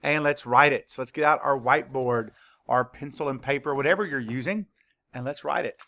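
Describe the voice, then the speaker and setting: Male elementary teacher, mid-pitched and bright, unhurried, spells letters one at a time for kids, dry close recording. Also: gravelly. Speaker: third-grade teacher. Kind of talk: spelling lesson for children.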